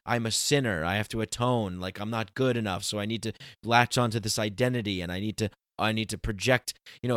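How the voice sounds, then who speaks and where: A man hosting a casual podcast, earnest and emphatic, slowing down to press his points. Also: fairly low pitch, a bit bright, dry recording, studio quality. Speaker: podcast host.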